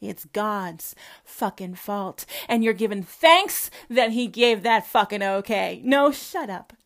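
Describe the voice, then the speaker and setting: A woman's voice: mid-range voice, slow. A woman with a Southern American accent delivering a combative, profanity-laced rant full of rhetorical questions. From Southern United States. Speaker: commentator. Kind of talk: profane religious rant to camera.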